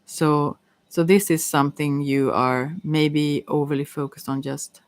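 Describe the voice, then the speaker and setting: A woman giving a casual live-stream tarot reading, chatty and giggly, pausing often with fillers as she talks things through. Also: low-pitched, steady tone. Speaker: tarot reader.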